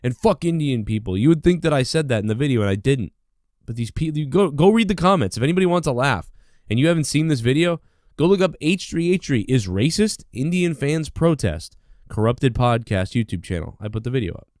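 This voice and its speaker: A man's voice: medium pitch, animated, a little fast, darkish tone, no room sound. A man rants through a solo podcast episode, swearing often and circling back on himself. His talk is packed with fillers and restarts, sounding indignant yet casual. The recording is dry and close. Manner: profane, rambling, indignant, full of fillers. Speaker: podcast host. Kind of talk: solo rant.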